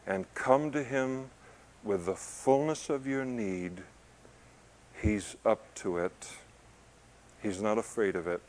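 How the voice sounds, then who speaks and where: A man preaching a conversational sermon, joking in asides, building to loud emphasis and then easing down soft. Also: lowish voice, slow pace, long pauses. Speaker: pastor. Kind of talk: expository sermon to a congregation.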